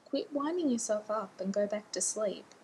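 A woman's voice: lively intonation, normal speed, darkish tone, slight background noise, close to an everyday voice. A woman reading a story aloud, voicing a terse, guarded man who answers shortly and dismissively. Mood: curt. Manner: curt, low-key, disdainful.

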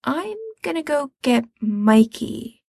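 A woman's voice: high-pitched, expressive, slow pace, creaky, darkish tone, dry recording, clean studio sound, voice pushed up, full character voice. Woman reading an earnest young man. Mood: uncertain. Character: earnest young man, caring older brother.

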